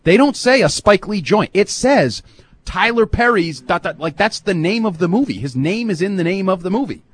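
A man co-hosting a radio talk show, blunt and mocking with quick comebacks. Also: high-pitched, lively intonation, breathy edge. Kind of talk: casual banter.

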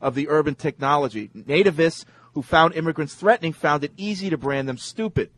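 An older man co-hosting a casual radio show, reading listener emails aloud with halting fillers. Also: a little high, fairly bright tone, dry recording. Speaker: radio co-host.

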